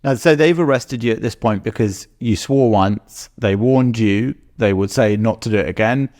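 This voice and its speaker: A man hosting an interview, asking measured questions and summarizing what his guest says. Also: lowish voice, a little mellow. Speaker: interviewer, host.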